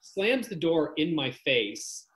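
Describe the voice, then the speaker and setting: A man's voice: fairly high pitch, big pitch swings, slow pace, fairly bright tone, slight background noise, low-quality recording. A man filmmaker as a podcast guest, laid-back, telling anecdotes in a dry casual way. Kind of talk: casual interview chat.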